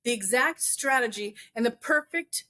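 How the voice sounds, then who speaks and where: A woman's voice: fairly high pitch, lively intonation, normal speed, sharp tone. A woman in her forties, a business owner, telling a story in a casual interview, earnest and full of faith, with plenty of fillers. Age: 40s. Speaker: entrepreneur guest.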